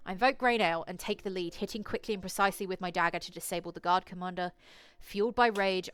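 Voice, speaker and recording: A woman's voice: lowish voice, a bit bright, clean tone. A woman reading aloud and playing a solo tabletop horror adventure, casual and swearing, laughing at herself. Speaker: solo tabletop game player and narrator.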